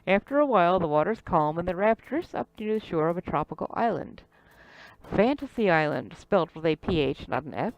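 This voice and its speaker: A woman's voice: on the low side, lively intonation, a little fast, dry recording, highs cut off. Chatty woman reading a game aloud. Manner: chatty, stumbles over names. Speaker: let's play host.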